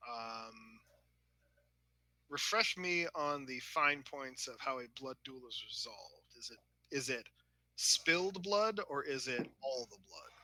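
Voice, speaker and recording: A man playing a starship officer in a tabletop role-play, speaking in a calm, measured way. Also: medium pitch, no echo, rough recording. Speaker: player voicing a starship officer.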